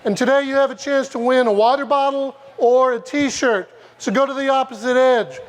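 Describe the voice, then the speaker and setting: A man making brisk stage announcements at a festival. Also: very high voice, fairly even intonation. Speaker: event announcer.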